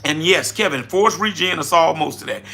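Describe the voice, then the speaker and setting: A middle-aged man with a New Orleans accent holds a casual livestream and talks straight to his viewers. His voice is very bright and pitched a bit high, and his delivery is folksy and animated. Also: normal speed, vocal fry. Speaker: livestream host, trucking business owner.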